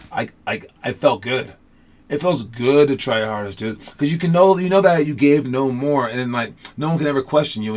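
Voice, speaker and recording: A man coaching basketball in a casual online class, loose and chatty with many fillers, upbeat and encouraging. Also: mid-range voice.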